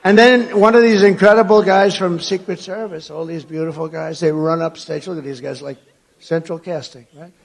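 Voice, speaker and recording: An older man giving a rambling rally speech to a conference crowd, with mocking asides, swinging between loud and low. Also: steady tone, moderate pace. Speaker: political speaker at a conference. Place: large conference hall before an audience.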